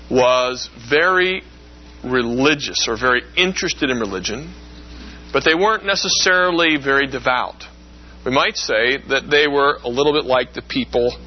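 A man lecturing in a relaxed, conversational way, explaining with everyday comparisons. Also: medium pitch, dull audio. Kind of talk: classroom lecture.

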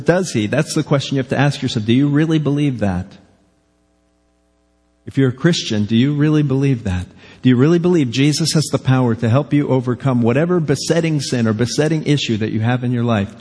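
A man preaching from the pulpit with a husky, slightly breathy voice, his words trailing off into the long reverb of a church hall. He is earnest and keeps pressing the congregation with direct questions. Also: medium pitch, fairly quick, darkish tone. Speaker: pastor. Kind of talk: sermon. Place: church sanctuary.

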